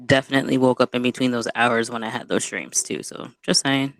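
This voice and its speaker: A woman co-hosting a podcast in casual chat, talking in a relaxed, unhurried way with frequent laughter and slangy asides. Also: very deep voice, no echo. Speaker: podcast co-host.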